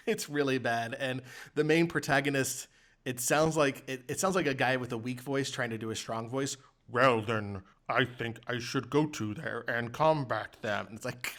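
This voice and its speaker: A man co-hosting a podcast in casual chat, laughing often, swearing, and mocking things he finds bad. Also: mid-range voice. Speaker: podcast co-host.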